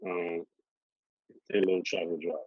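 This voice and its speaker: A man telling stories in a relaxed, profane street-slang style, acting out the dialogue as he goes. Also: low voice, normal speed, no echo. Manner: laid-back, profane street slang, acts out quoted dialogue. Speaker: podcast guest. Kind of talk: casual storytelling interview. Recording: dry, slightly muffled audio.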